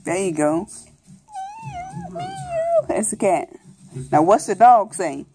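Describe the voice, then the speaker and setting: A woman's voice: lowish voice, takes it slowly, dark tone, soft background music. A mother reading a picture book aloud to her toddler at home, playfully coaxing and imitating animal sounds.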